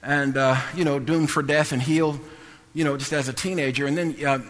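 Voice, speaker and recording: Loud, sing-song preacher man. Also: on the high side, fairly even intonation, fairly quick, long reverb tail. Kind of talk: sermon.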